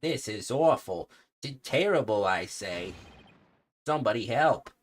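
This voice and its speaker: A man voicing a theatrical, sly male pickpocket in a game, in a melodramatic, drawn-out way. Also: on the low side, expressive, voice pushed up.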